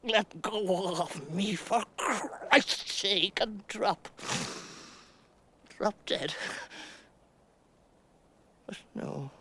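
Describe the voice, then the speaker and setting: An actress playing Winnie, a rambling middle-aged woman trapped in a mound, in a halting theatrical monologue that sinks to near-whispers. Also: mid-range voice, bright, forceful tone. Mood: wistful. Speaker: stage actress.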